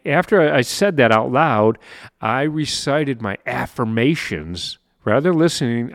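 A man's voice: mid-range voice, no room sound, studio quality. Upbeat man hosting a motivational podcast. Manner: upbeat, animated, laughs often, repeats words. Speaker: podcast host and life coach. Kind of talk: solo motivational podcast monologue.

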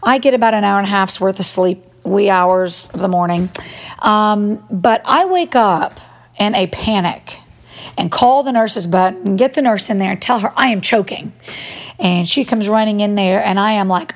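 A middle-aged woman telling a personal story in a lively, self-mocking way, acting out what people said. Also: medium pitch, moderate pace. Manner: animated, self-mocking storytelling with acted-out quotes. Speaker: mom vlogger. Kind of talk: storytelling monologue.

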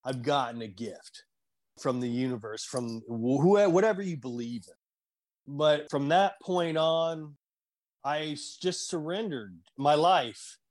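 A man telling an emotional personal story in conversation, earnest and halting, at times choked up. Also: on the high side, a little mellow. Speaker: guest.

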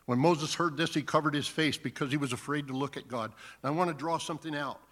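A man's voice: fairly high pitch, fast talker, a bit bright. Man preaching in a reverberant hall. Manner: reads scripture aloud, then explains it earnestly. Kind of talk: sermon with scripture reading.

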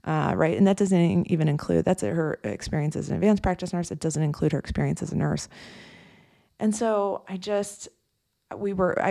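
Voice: medium pitch, creaky, warm tone, no room sound, studio quality. A coach hosting a podcast, talking in a loose, conversational way with frequent "you know" and "right?" asides. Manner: conversational, many fillers and tag questions. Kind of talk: casual podcast monologue.

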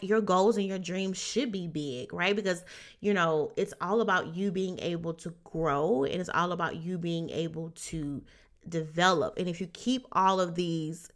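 A woman's voice: fairly low pitch, a bit bright. A young adult woman hosting a motivational podcast, talking earnestly and encouragingly and often checking in with "right?". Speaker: podcast host.

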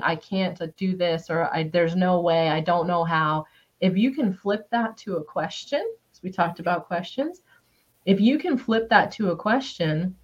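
A woman talking in a casual coaching chat, emphatic, acting out quoted thoughts in a raised voice. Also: on the low side. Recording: slightly dull lo-fi sound.

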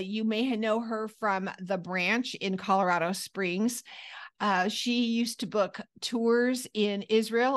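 A woman hosting an interview who reads a guest introduction and then greets her guest with excitement. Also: mid-range voice. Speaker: podcast host.

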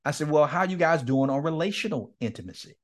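Talking fast in a fairly high, animated voice, this middle-aged guest speaker and men's ministry leader shares candid stories during a podcast interview. He laughs frequently and dramatizes the lines he quotes.

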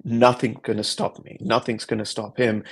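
A man's voice: medium pitch, flat delivery, normal speed, vocal fry, slightly rough. A man hosting a podcast, telling a personal story in an earnest, reflective way with a lot of repetition. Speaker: podcast host. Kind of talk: personal story, motivational talk.

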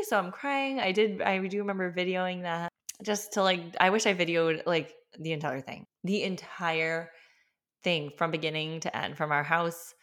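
A woman's voice: fairly low pitch, moderate pace, fairly bright tone. Chatty woman telling a personal story. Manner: chatty, emphatic, lots of "like". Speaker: podcast host.

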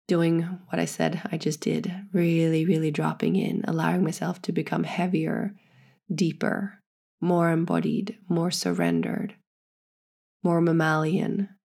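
A woman recounts her own experience in a slow, meditative, soft-spoken way that slips into whispers. Her voice sits low and mellow, with a husky, gravelly grain to it. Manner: drops into whispers. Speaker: podcast guest telling her birth story. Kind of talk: personal storytelling.

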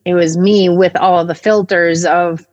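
A woman with a low voice speaks as co-host in a relaxed conversation, affirming what she hears and reflecting on it thoughtfully. Her voice sounds dry and close, with no room around it. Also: a little slow, dry recording, lo-fi sound. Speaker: podcast co-host. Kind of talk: casual conversation.

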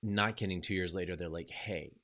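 Low-voiced man coaching in a podcast. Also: moderate pace. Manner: energetic, coaching tone with lively quoted asides. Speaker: podcast host. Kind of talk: solo podcast monologue.

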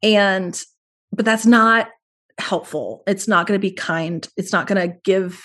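A woman's voice: mid-range voice, unhurried, fairly bright tone. A woman speaking as a podcast guest, earnest and reflective, talking through her parenting in long flowing thoughts. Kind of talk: podcast interview conversation.

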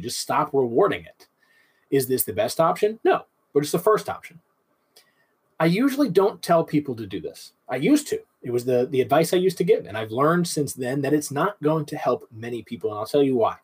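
A man's voice: on the high side, a little mellow, husky. A man hosting a podcast, giving casual instructional talk on dog training and explaining things conversationally with rhetorical questions.

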